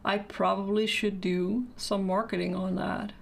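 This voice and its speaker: A woman's voice: mid-range voice, little pitch movement, a little slow, creaky. A woman chatting casually during a live painting stream, thinking aloud and answering questions from the chat.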